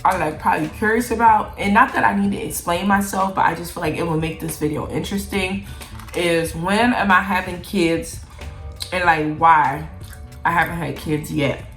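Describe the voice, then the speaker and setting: A woman's voice: lowish voice, steady tone, normal speed, a bit bright, echoey room, faint music behind. A young adult woman from Jamaica, chatting candidly in a casual Q&A vlog, peppering her talk with "like". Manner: candid, chatty, heavy use of "like". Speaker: vlogger. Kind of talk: casual Q&A chat while eating.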